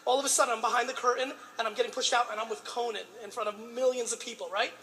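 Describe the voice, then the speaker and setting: A man's voice: extremely high pitch, fairly even intonation, racing, pushed and bright. Intense, profane male motivational speaker. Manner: pleading, emphatic repetition. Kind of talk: motivational speech. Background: background music.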